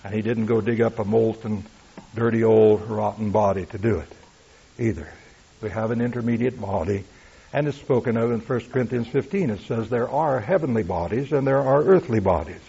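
A man's voice: fairly low pitch, normal speed, vocal fry, mellow, breathy edge. A man preaching an emphatic sermon, teaching from the Bible and asking "you see?" as he goes, on a dull lo-fi recording. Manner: emphatic, rhetorical asides like "you see?" and "all right?".

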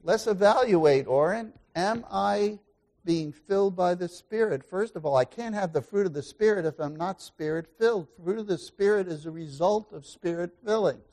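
Preaching as pastor, this high-pitched man speaks at normal speed, asking his congregation questions. His delivery shifts back and forth between loud exclamations and hushed asides.

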